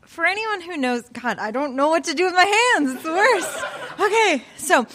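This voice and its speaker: A woman's voice: a little high, a bit bright. A woman telling a personal story at a live open mic in a small cafe, chatty and conversational, with plenty of filler words, into a stage microphone. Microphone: stage microphone on a stand.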